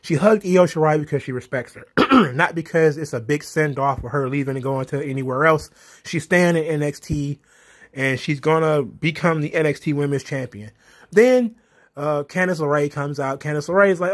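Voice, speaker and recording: A young man with a slightly high voice rants through a casual recap of a wrestling show. He sounds exasperated and keeps hammering his points home by repeating them. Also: normal speed. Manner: exasperated, ranting, repetitive emphasis.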